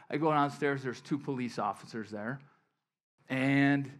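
A middle-aged man from western New York preaching in a loose, storytelling way. His voice sits in a middle pitch, falling quiet for asides and climbing louder when he drives a point home. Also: steady tone, normal speed. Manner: conversational storytelling preacher, swings from soft asides to emphatic bursts. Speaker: pastor. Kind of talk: sermon.

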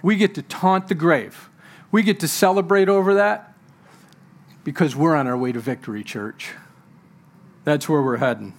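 A man's voice: fairly high pitch, normal speed, long pauses. A pastor preaching a sermon to his church, quoting scripture and repeating key words for emphasis, with joking asides to the congregation.

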